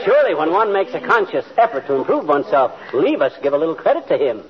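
A blustering husband putting on airs. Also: male voice, on the high side, big pitch swings, fast. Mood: mock-posh. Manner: mock-pompous, putting on a fussy English manner. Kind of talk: 1940s radio comedy acting. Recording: muffled old radio broadcast with studio audience and hiss.

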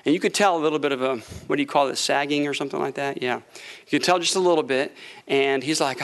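Male pastor, middle-aged, high voice, preaching live in a church, dynamic swings from hush to shout. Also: quick pace. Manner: tells a story with quoted dialogue. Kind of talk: sermon. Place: church sanctuary before a congregation.

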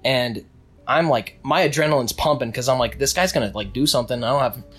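A man's voice: medium pitch, fairly quick, a bit bright, slightly rough, faint music behind. Young man rambling through a story. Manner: rambling with restarts, acts out quotes. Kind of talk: casual storytelling chat.

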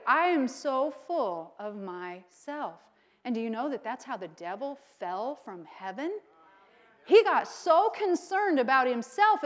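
Telling a personal story during her sermon, a middle-aged female pastor brings quotes to life with lively acting and lots of laughter. Her voice sits high.

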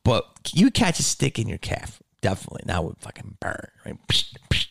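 A man's voice: on the low side, wildly swooping pitch, a little fast, vocal fry, breathy edge, no echo, studio quality. A man hosting a solo podcast, ranting in a blunt, profane way. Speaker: podcast host.

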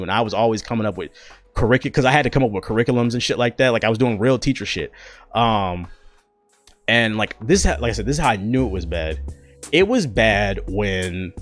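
A young man and content creator telling a personal story in a casual, profane, slangy way. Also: on the low side.

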